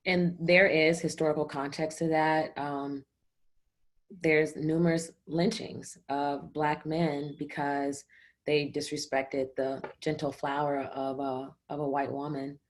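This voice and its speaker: A measured woman panelist with a very low voice that barely moves in pitch. She talks at a steady, even pace. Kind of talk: roundtable discussion.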